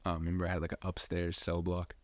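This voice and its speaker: A young man with a low voice tells a rambling personal story as a podcast host. He swears a lot and drops fillers everywhere. The sound is close and dry. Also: completely flat delivery, fast talker, no echo. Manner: profane, rambling, full of fillers. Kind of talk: casual storytelling.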